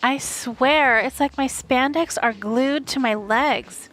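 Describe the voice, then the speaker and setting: A woman reading an audiobook, voicing a pushy, self-absorbed rich young woman in a slow drawl. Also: high-pitched, a bit bright, voice pushed up, poor audio.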